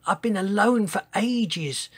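A man voicing a huge, gentle male dinosaur who speaks in a tiny, timid whisper, reading a storybook aloud. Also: sits high, slow, slightly rough, no room sound, voice pushed up, full character voice. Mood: pleading. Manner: timid, soft, pleading. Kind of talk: storybook voice acting.

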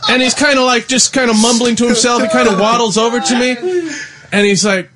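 A man's voice: extremely high pitch, fairly even intonation, a little fast, very noisy. A man co-hosting a comedy show, telling a story while laughing through it. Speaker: comedy podcast co-host. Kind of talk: comic storytelling.

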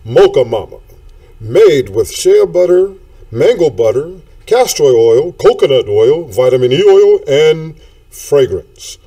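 Man putting on a booming ad-announcer voice, over-the-top product read, heard from a distance. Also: sing-song, slow, warm tone, no echo, exaggerated voice. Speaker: talk show host doing a commercial read. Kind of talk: mock commercial voice.

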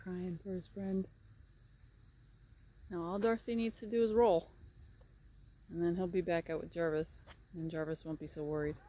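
A woman's voice: fairly even intonation, moderate pace, long pauses, mellow. Chatty woman coaxing horses outdoors. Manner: chatty, coaxes horses in a high sing-song voice. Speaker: horse rescue farm owner. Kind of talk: casual vlog narration.

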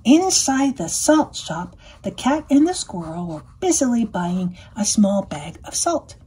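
Woman storyteller, unhurried, mellow and a bit breathy, lively voices for the characters. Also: a little high. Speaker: storybook reader. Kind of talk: read-aloud storytelling.

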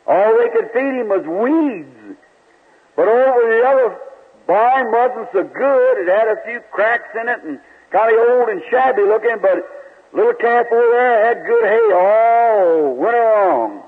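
High-pitched preacher on tinny old tape. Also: male voice, animated. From United States. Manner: folksy storytelling, stammering repeats, quick rises and laughs. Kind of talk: sermon.

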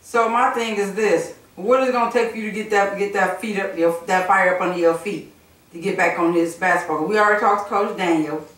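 A woman's voice: medium pitch, brisk, fairly bright tone. A stern mother lectures her son, firm and preachy, circling back over the same phrases. She sounds far from the mic. The room around her is very echoey. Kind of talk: prank skit, casual scolding.

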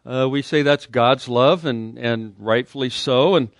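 A man's voice: medium pitch, measured pace, dry recording. Man preaching in a dry room. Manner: conversational preaching with fillers and acted quotes. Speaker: pastor. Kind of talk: sermon. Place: church sanctuary.

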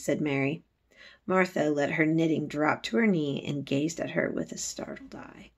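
A woman teacher reads a novel aloud to her students, telling the story in an animated, dramatic way. Her voice sits fairly low for a woman. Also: normal speed.

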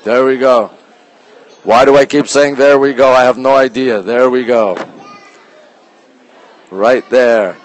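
A man's voice: steady tone, dry recording. Man live-streaming on a phone in a museum. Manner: reads artwork titles slowly, talks to chat by name; talks low at times to keep quiet. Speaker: livestream host touring a museum. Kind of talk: casual live-stream chat with viewers. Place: indoor art museum gallery.

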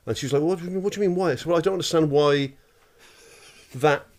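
A man's voice: a little high, quick pace, darkish tone, a little hiss or hum. A middle-aged man co-hosting a podcast, blunt and sweary, telling stories with laughing asides. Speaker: podcast co-host. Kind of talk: casual chat.

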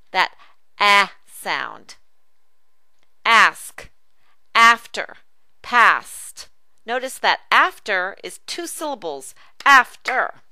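Slow, clear-spoken woman teaching phonics. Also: medium pitch, sharp tone, no echo. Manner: slow, careful, drawn-out enunciation. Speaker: reading teacher. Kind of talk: online phonics lesson.

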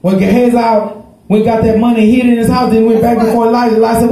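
Pastor, dark mellow voice, folksy preaching with shouted peaks, very echoey church. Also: male voice, very high-pitched, little pitch movement, fast. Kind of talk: sermon. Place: church sanctuary.

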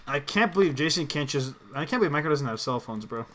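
A man's voice: fairly high pitch, animated, quick pace, a bit bright. A man chatting casually on a game stream, slangy and joking, breaking into song. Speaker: streamer co-host. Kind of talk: casual gaming stream chat.

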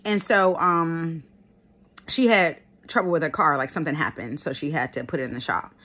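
A woman vlogger telling stories in a chatty, animated way, with lots of fillers and laughs. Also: deep voice, moderate pace. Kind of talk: casual storytime chat.

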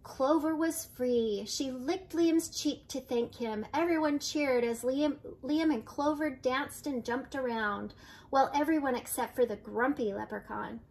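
A high-pitched older woman reads a picture book for children at a measured pace. As a grandmother, she tells the story gently and gives the characters light voices.

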